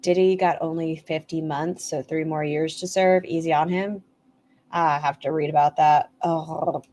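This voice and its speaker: A woman with a rather low voice hosts a livestream commentary. She is blunt and sarcastic as she remarks on clips and reads out poll results to her viewers. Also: steady tone, a little slow, dark tone. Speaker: commentary streamer.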